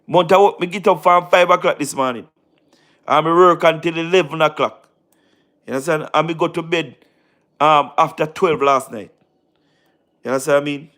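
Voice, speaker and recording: A tired man with a Jamaican accent talks casually to his live-stream audience in a slightly high voice. He slips into patois, repeats himself for emphasis, and calls out viewers by name. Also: moderate pace, long pauses, fairly bright tone.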